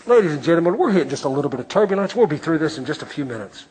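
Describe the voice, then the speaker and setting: A male preacher voicing a calm airline captain making a measured intercom announcement. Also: on the high side, low-quality recording.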